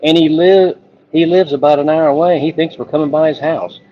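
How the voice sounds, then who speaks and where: A man's voice: fairly high pitch, steady tone, brisk, a little hiss or hum. Earnest man on a muffled line. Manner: earnest, emotional storytelling. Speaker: police officer and ultrarunner. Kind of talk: phone interview update.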